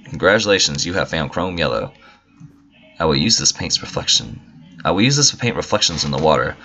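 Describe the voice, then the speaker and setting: A man reading out the lines of an adult male painter who guides the player in a game, flatly and without an accent. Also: very deep voice, a little fast, gravelly, faint music behind, full character voice. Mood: instructive. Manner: flat reading, no real accent.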